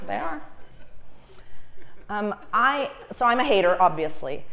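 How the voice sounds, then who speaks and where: A young woman from Los Angeles performing a stand-up comedy set, animated, laughing at her own jokes and shrieking her punchlines. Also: medium pitch, a little slow, creaky, background noise. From Los Angeles, USA. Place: comedy stage before a live audience.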